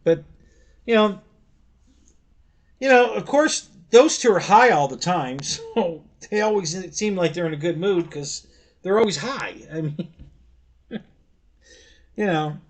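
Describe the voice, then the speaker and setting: Middle-aged male stream host, slightly high pitch, halting and rambling, chuckles often. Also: animated. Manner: rambling, halting storyteller with many restarts; laughs easily while telling stories. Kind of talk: casual live-stream chat.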